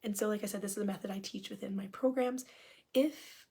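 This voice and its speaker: A woman's voice: mid-range voice, steady tone, a little fast, dark tone, slightly rough. A woman marriage coach and hypnotist talking casually and answering questions, upbeat and encouraging, sometimes dropping to a near-whisper.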